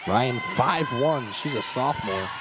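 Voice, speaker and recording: A man's voice: medium pitch, lively intonation, measured pace. A young man doing playful play-by-play commentary for a college volleyball match in a gymnasium. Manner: playful, joking banter. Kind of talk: live sports commentary. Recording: loud crowd and gym noise behind.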